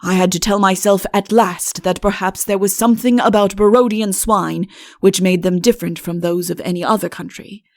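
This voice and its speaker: A woman voicing a self-pitying, deposed male king in an audiobook, speaking slowly and earnestly. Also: mid-range voice, steady tone, a little mellow, dry recording, clean studio sound, lightly acted. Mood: plaintive. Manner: slow, earnest, imploring delivery. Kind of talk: audiobook character reading.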